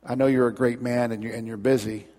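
A man's voice: mid-range voice, level tone, fast, warm tone, close to an everyday voice. A man voicing a humble, curious old male shopkeeper who asks a hesitant, polite question. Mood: timid. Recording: long church reverb.

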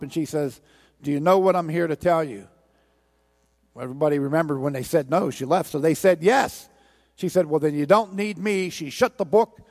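Preacher with a long hall reverb. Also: male voice, a little high, darkish tone. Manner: rhythmic, repetitive storytelling. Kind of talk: sermon with a told parable.

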